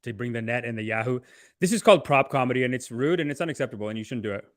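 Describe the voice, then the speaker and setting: A man hosting a podcast, riffing sarcastically on clips in a rambling, animated way. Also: medium pitch, racing, dry recording, studio quality. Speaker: podcast host. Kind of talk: comedic commentary.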